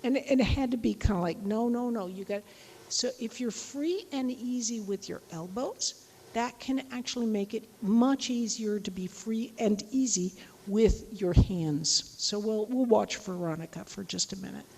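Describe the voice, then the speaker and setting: Woman lecturer, casual workshop talk, lively asides, slightly high voice, echoing hall. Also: moderate pace, husky. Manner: chatty, animated, acts out quoted voices. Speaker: lecturer giving a teaching workshop.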